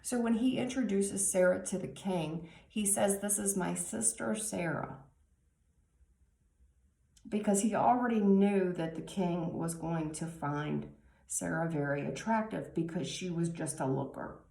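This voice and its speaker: A woman giving a tarot reading, talking slowly and musingly with many pauses and restarts. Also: fairly low pitch, vocal fry, mellow, roomy sound. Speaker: tarot reader.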